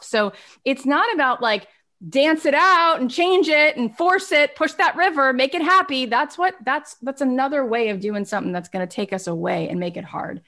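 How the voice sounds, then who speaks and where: A woman giving an expressive, animated motivational talk on personal growth. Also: sits high. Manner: expressive, acts out little scenes.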